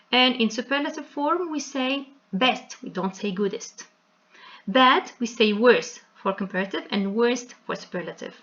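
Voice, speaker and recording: High-voiced woman teaching grammar, lo-fi. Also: a bit bright. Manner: slow, explanatory, spells out word endings letter by letter. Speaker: English teacher. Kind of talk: recorded grammar lesson.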